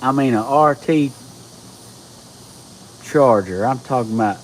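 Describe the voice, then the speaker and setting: A man, chatting casually with viewers on a live stream, folksy and excitable. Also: mid-range voice, unhurried, slight background noise, poor audio. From Georgia, US. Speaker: livestream host.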